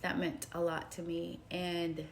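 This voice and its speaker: A woman telling a personal story to her viewers in a casual, animated way, calling them y'all and swinging from hushed retellings to excited outbursts. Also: fairly low pitch, unhurried, a little hiss or hum. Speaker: vlogger.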